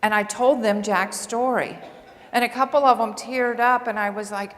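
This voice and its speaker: A woman nursing assistant and coach giving an earnest, animated storytelling speech to a large audience. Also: a little high, moderate pace. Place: large hall before several hundred people. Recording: long reverb of a large hall.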